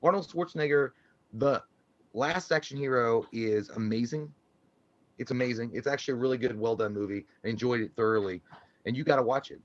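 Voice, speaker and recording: A man's voice: mid-range voice, a little fast, no echo, dull audio. A man co-hosting a casual live stream and reading out chat, profane and rambling, laughing often.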